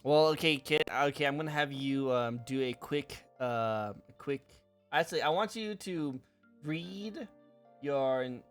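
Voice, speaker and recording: A man hosting a livestream interview with an eager, excitable manner, often turning to address his chat. His voice sits a bit high for a man, and soft music runs in the background. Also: unhurried, smooth. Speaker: interview host. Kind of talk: casual stream interview.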